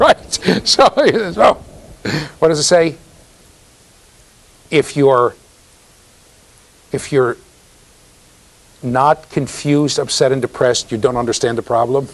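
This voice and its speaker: This man lectures at a university in an unhurried manner, his medium-pitched voice broken by long pauses. His style is conversational and story-driven; he checks in with the class and acts out quoted voices with animation.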